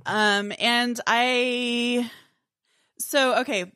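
A woman's voice: fairly high pitch, fairly even intonation, extremely slow, pushed and bright, clear, resonant tone, dry recording, soft background music. Careful woman playing a tabletop game, dry sound. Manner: careful, thinking aloud. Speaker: player.

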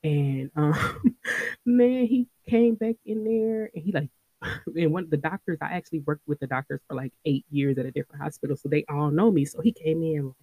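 A woman in her thirties hosting a podcast, telling a personal story in a casual, animated way and talking straight to her listeners. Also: low voice, normal speed, dry recording. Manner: animated, talks straight to listeners, laughs often. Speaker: podcast host.

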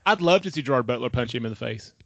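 A man's voice: mid-range voice, lively intonation, racing, creaky, no echo. A man chatting casually on a podcast, tossing in wry joking asides. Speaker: podcast co-host. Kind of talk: casual chat.

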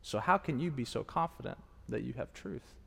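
A man preaching a sermon to a live audience, animated and engaging, swinging from hushed asides to raised, emphatic lines. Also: medium pitch, moderate pace, gravelly, breathy edge. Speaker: pastor. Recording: long hall reverb.

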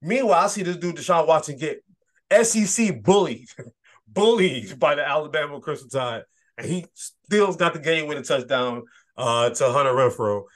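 A man with a slightly higher voice co-hosting a casual sports podcast. He jokes, teases and laughs often, and his talk is slangy and offhand. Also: lively intonation, normal speed. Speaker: podcast co-host.

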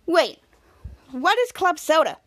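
A woman's voice: extremely high pitch, very animated, slow, fairly bright tone, pitched above the performer's own voice, full character voice. A woman voicing a bossy, impatient teenage girl.

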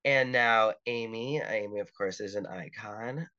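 A man's voice: on the low side, a little slow, lo-fi sound, loud music behind the voice. A man hosting a podcast in casual chat, playful as he reads film lines aloud. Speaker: podcast host.

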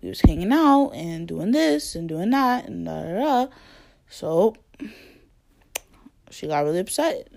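A woman's voice: lowish voice, very animated, unhurried, gravelly, pauses often, darkish tone. A young woman casually telling a story to the camera, full of fillers and quoted dialogue, laughing often.

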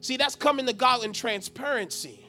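A male preacher delivering an impassioned sermon in a very high, bright, forceful voice. He swings from ringing shouts down to hushed, quiet lines. Soft music plays faintly behind him. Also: normal speed.

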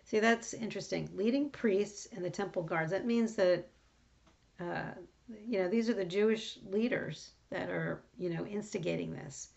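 A woman's voice: medium pitch, normal speed, vocal fry, darkish tone. A woman talking through a Bible passage in a casual, rambling way, full of fillers and restarts. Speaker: Bible study speaker. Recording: dull lo-fi recording.

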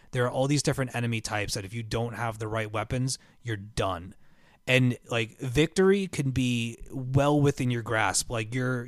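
A man chatting casually as a podcast co-host, telling stories excitedly with lots of "like" and restarts. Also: medium pitch, dry recording, studio quality. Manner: excitable, rambling storyteller full of "like". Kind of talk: casual chat.

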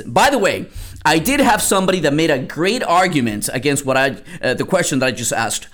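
A man in his thirties from Peru, a network marketing coach talking alone on a podcast, rambling in a lively way and putting questions to his listeners. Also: on the high side, moderate pace. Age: 30s. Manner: animated, rambling, laughs and asks listeners questions. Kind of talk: solo podcast talk.

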